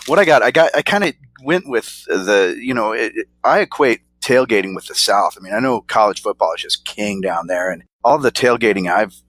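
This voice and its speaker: A man's voice: on the low side, lively intonation, a little fast, few pauses, a bit bright, dry recording. A man co-hosting a casual snack-review podcast, talking in a laid-back, rambling way and chuckling often. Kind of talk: casual chat.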